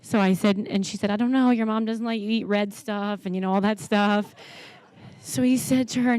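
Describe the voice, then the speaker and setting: A woman's voice: medium pitch, steady tone, normal speed, a little mellow, no echo. A woman in her thirties giving a heartfelt, rambling wedding toast.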